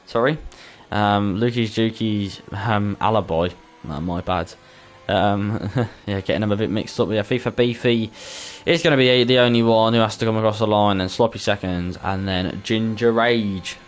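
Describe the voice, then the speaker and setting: A man's voice: on the low side, fairly even intonation, moderate pace. A man with a Birmingham accent giving chatty live commentary on an online racing league, laughing easily and tripping over names. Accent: Birmingham (Brummie). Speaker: esports race commentator. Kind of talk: live-streamed race commentary.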